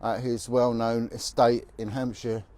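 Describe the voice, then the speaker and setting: A man's voice: mid-range voice, flat delivery, a little slow, mellow, dry recording. Blunt ex-cop man talking while walking. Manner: blunt, emphatic storytelling. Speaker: former police officer. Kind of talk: walking vlog monologue. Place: outdoors on a city street.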